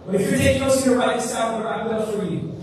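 A male pastor preaching an energetic sermon with call-and-response, exclamations, and swings from shouts to hushed lines, in a church sanctuary. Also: very high-pitched, rapid-fire. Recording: echoey church hall, distant mic, noisy.

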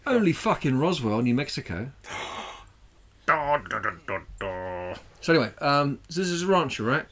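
A man's voice: on the high side, animated, a little fast, fairly bright tone. A man co-hosting a comedy podcast over drinks, rambling and swearing a lot as he laughs at his own jokes. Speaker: podcast co-host. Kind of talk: casual, crude comedic chat over drinks.

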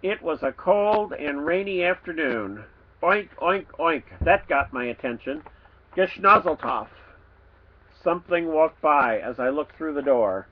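A man, the author, reading his children's storybook aloud with playful, expressive delivery. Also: a little high, moderate pace, few pauses, phone-quality sound.

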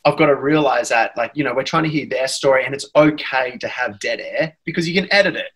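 A man's voice: medium pitch, fairly quick, a bit bright, breathy edge, rough recording. An Australian man, a guest actor, chatting casually in a rambling, self-deprecating way. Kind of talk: casual chat.

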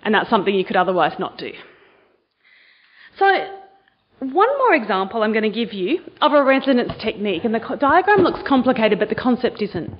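A woman's voice: a little high, big pitch swings, a little fast, breathy edge. Woman lecturer, upbeat, teaching style, slightly muffled lecture recording. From Australia. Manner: enthusiastic, quizzes the audience. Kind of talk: university lecture to students. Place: lecture hall.

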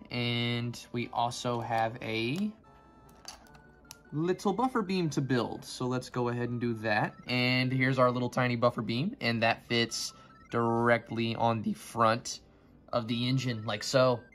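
A man's voice: medium pitch, level tone, measured pace, fairly bright tone, soft background music. A man giving casual commentary on a toy build, rambling and joking as he goes. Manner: rambling, joking, easily sidetracked.

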